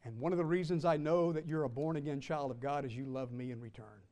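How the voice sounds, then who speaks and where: A male pastor preaching a sermon, calling out questions for the congregation to answer and slowly drawing out key words. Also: a little high, dark tone.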